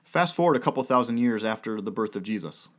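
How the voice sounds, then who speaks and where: A man's voice: lowish voice, expressive, fast talker. A man in his thirties, a pastor preaching a sermon in an earnest way, with repeated phrases and rhetorical questions. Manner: earnest, rhetorical questions and repetition, with occasional laughs.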